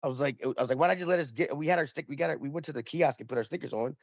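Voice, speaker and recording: A man's voice: fairly high pitch, racing, creaky, dry recording, dull audio. A man in casual podcast chat, telling a rambling, profane anecdote and acting out the dialogue in it. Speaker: podcast panelist.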